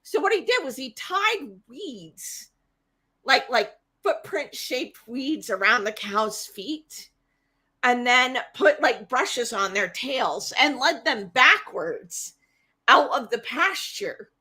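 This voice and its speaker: Brief: chatty woman host telling myths, high-pitched and very animated. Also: slow pace, husky. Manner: animated, chatty retelling with fillers. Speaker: podcast host. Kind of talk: casual myth storytelling.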